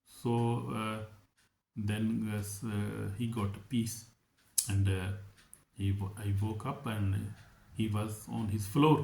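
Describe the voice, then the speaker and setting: A man preaching a sermon in halting speech full of repetitions and restarts. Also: on the low side, fairly even intonation, gravelly, warm tone, reverberant, low-quality recording.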